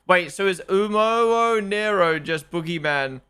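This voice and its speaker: A young man reacting live on stream, talking in an excitable, casual way and repeating his exclamations. His voice sits a little high, with a gravelly fry under a bright, tense edge. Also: moderate pace. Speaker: streamer watching a race broadcast.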